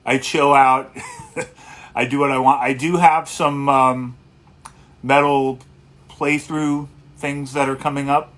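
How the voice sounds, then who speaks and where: A man hosting a casual livestream as a guitarist, talking in a relaxed, rambling way and greeting viewers one by one. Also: medium pitch, slow pace, long pauses.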